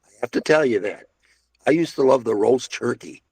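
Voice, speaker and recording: Older man, rambling anecdotes, creaky husky voice, dry close sound. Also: mid-range voice, animated, normal speed, a little mellow, dry recording. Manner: rambling storyteller, many restarts and asides. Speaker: interviewee recalling restaurant days. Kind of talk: casual reminiscing.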